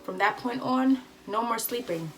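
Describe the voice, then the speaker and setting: A young woman telling an animated, chatty storytime vlog with advice for listeners. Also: on the high side, normal speed, creaky. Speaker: vlogger. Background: faint background music.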